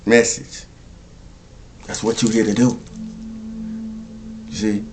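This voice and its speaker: Male spiritual speaker, lowish voice, repeats lines like a preacher, faint noise behind. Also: flat delivery, takes it slowly. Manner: repetitive, preacherly, chuckles often, asks "you see?". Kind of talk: spoken spiritual monologue.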